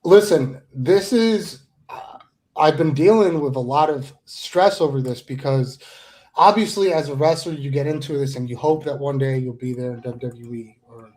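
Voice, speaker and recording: A man with a somewhat high-pitched voice vents in a fired-up wrestling promo, swearing freely and hammering his points home through repetition. He talks like a guest airing a grievance on a show, angry and blunt. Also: normal speed, a little mellow. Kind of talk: heated promo-style rant.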